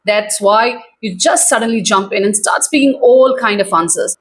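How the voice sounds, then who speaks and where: A woman communication coach teaching straight to camera in a clear, measured, emphatic way. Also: medium pitch, slight background noise.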